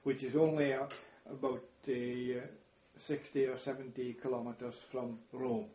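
This is an older man reminiscing about the war in an interview, chuckling now and then and repeating words as events come back to him. His mellow, mid-range voice shows little pitch movement at a measured pace, captured in an echoey room with slightly dull sound.

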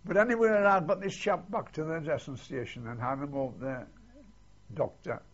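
Gravelly old man. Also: a little high, moderate pace, dull audio. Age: older. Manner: rambling, tags lines with "see". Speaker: war veteran interviewee. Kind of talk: oral history recollection.

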